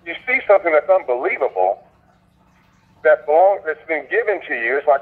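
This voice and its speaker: A man's voice: a little high, expressive, a little fast, slightly rough. Fervent man preaching over a phone line. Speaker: host of a sales conference call. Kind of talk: motivational preaching.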